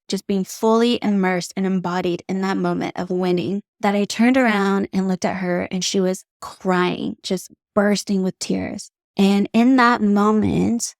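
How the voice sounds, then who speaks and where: A young adult woman talks through her own podcast episode, candid and heartfelt, now and then swearing casually. Her voice sits in an ordinary middle pitch. The recording is dry and close, with no room sound. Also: no room sound. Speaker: podcast host, beauty artist. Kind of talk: solo podcast monologue.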